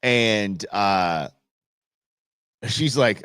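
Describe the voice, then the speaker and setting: A man's voice: on the low side, lively intonation, moderate pace, a bit bright, dry recording. A man hosting a live talk show, rambling and sarcastic in casual political commentary. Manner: rambling, sarcastic, restarts often.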